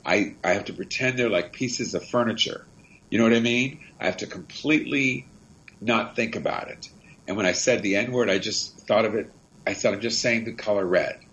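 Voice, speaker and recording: A man's voice: on the low side, normal speed, a bit bright, poor audio. A middle-aged man, a comedian and actor, telling chatty, rambling anecdotes in an interview. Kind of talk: casual interview storytelling.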